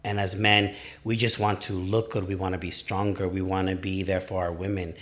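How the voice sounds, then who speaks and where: A man's voice: low voice, little pitch movement, normal speed, fairly bright tone. A man in his late forties, a podcast guest telling candid, self-deprecating stories in casual conversation. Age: late 40s.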